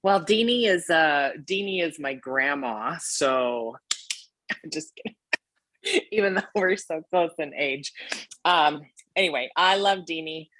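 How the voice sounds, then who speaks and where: Low-voiced woman co-host on a dry video call. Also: lively intonation, slow, a bit bright, no echo. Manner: encouraging, emphatic. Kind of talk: casual motivational talk.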